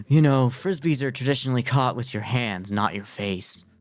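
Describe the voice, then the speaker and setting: A friendly, teasing dad in a Hawaiian shirt from a dating game, as a streamer puts him on while reading the lines aloud. He jokes around easily at a middling pitch, with faint music playing behind. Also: expressive, normal speed, no room sound, lightly acted. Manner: teasing, joking.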